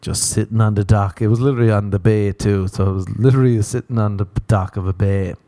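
A man's voice: fairly low pitch, fairly even intonation, fast talker, dark tone. A young man hosting a podcast, telling a profane, self-mocking comic monologue and acting out voices as he rambles. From Ireland. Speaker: podcast host.

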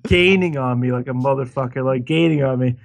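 A man's voice: medium pitch, fairly quick, gravelly. Man on a skype podcast, rambles through a story, swears every other word, keeps restarting himself. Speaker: podcast co-host. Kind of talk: casual storytelling chat. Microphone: Skype call.

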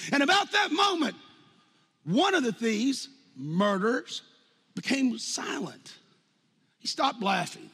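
A man in his fifties preaching a sermon as pastor, animated, jumping from loud outbursts to hushed lines and acting out quotes. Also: extremely high pitch, slightly rough. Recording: long hall reverb.

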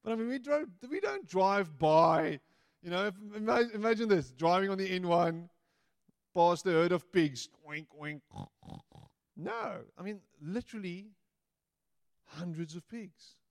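A male pastor delivering a sermon at an unhurried pace. His voice sits a bit higher than most men's and is recorded dry and close. He keeps it playful, acting out quoted lines in little voices. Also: lively intonation, creaky, dry recording.

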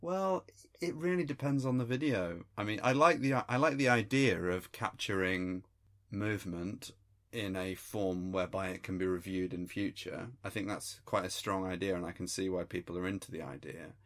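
A man co-hosting a comedy podcast, delivering rambling, mock-serious musings in a deadpan way. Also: sits low, moderate pace. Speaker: podcast co-host. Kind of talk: improvised comedy podcast banter.

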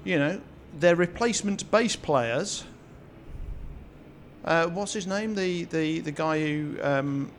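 Man, casual podcast chat, stammery restarts, opinionated, fairly high voice. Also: slow, slight background noise. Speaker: podcast co-host. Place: home garage studio.

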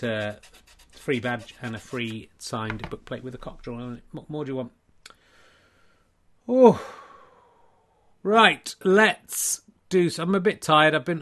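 A man's voice: mid-range voice, fairly bright tone. A middle-aged man hosting a comic solo podcast, rambling and self-mocking, with many restarts. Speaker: podcast host and comedian.

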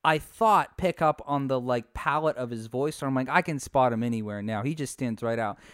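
A man's voice: mid-range voice, moderate pace, a bit bright, clean tone, no echo. Enthusiastic man, dry close sound. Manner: enthusiastic, chatty. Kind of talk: casual chat.

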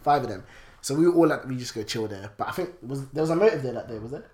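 A man's voice: medium pitch, lively intonation, fast talker, a little mellow. A young man, telling drunk stories in casual chat with friends, laughing and mimicking them. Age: young adult. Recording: roomy with crowd chatter.

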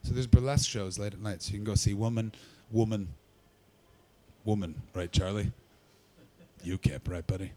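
A man doing a stand-up comedy set and chatting with the crowd, hoarse from losing his voice, loud and sweary, with sudden leaps into a shrieking high register. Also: steady tone, moderate pace, a little hiss or hum.

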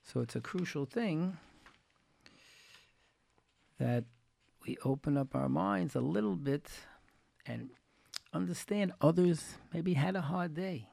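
A man with a rough, gravelly voice pitched a bit high tells folksy anecdotes in a Torah talk, repeating his key phrases to drive them home. The sound is dry and close, with no room around it. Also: takes it slowly, long pauses, warm tone, no room sound. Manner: folksy, retells anecdotes with quoted dialogue. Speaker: religious teacher.

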